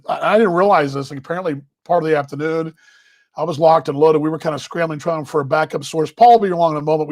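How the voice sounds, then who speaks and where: An American man hosting a live baseball talk show, chatty and energetic, rambling with fillers. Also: a little high. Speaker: podcast host. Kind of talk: casual live sports talk.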